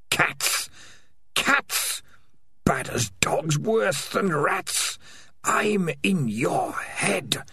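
A sinister, non-human rat-spirit in a storybook reading, hissing out its words slowly in a breathy whisper. The sound is dry and close, and the voice dips and climbs widely as it taunts. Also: male voice, fairly high pitch, bright, forceful tone, dry recording, voice pushed up, heavily acted. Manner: slow, breathy, menacing whisper. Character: sinister male rat-mind whispering in a cat's head.

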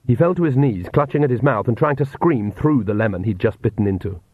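A man reading a novel aloud in measured scripted narration. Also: medium pitch, lively intonation, slightly rough, no room sound. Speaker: audiobook narrator. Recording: tinny phone-like dry sound.

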